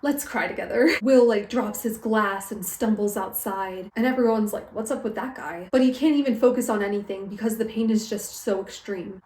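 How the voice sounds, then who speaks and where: A woman's voice: medium pitch, darkish tone, reverberant, low-quality recording. A young woman vlogger recapping a book in a casual, dramatic way, with exaggerated outbursts.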